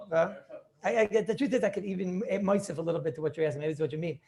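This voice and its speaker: Halting rabbi teaching on a video call. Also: male voice, high-pitched, gravelly, darkish tone. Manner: halting, thinks aloud with many restarts and rhetorical questions. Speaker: rabbi teaching a Talmud class. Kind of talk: casual Torah class over video call.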